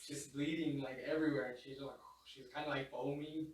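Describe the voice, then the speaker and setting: A man's voice: mid-range voice, fairly even intonation, brisk. A young man casually telling work stories on a podcast, swearing often and laughing as he goes. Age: young adult. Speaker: podcast guest. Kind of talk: casual storytelling chat. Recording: echoey room, mic far off.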